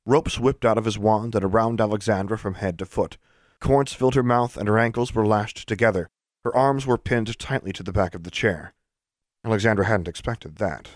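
A man narrating a fantasy story in steady, scripted storytelling. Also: on the low side, fairly quick, no echo, clean studio sound. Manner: steady storytelling, lively intonation. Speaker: audiobook narrator.

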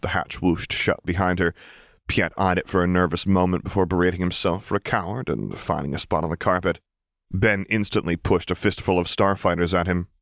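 A man narrating a fan-fiction audiobook in a measured, expressive storytelling manner. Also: low-pitched, gravelly, no room sound, clean studio sound. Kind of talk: scripted narration.

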